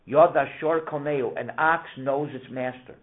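A man teaching a casual Torah lesson, telling stories with animated, emphatic questions. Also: mid-range voice, unhurried, slight background noise. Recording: tinny phone-like sound.

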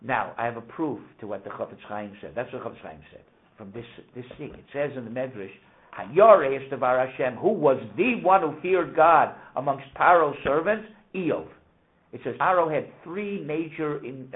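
Animated man teaching on a tinny line. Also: mid-range voice. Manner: animated storytelling, rising emphatic questions. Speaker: rabbi teaching Torah. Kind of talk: casual Torah lesson. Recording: tinny phone-like sound.

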